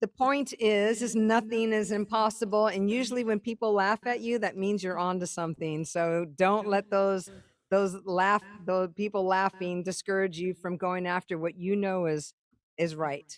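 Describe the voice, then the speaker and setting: A middle-aged woman, a songwriter and keynote guest, telling a story in casual talk. She is animated, swears freely and acts out what other people said. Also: mid-range voice, normal speed, no echo, clean studio sound.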